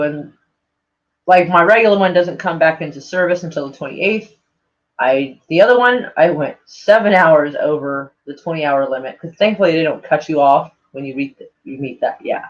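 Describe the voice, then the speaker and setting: A man with a noticeably high voice chats loosely on a live stream, looping through "like" and casual swearing. A mild speech impediment colours his words. The audio is dull and lo-fi, like a cheap home setup. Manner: loose and meandering, heavy on "like", swears freely. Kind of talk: casual rambling stream chat.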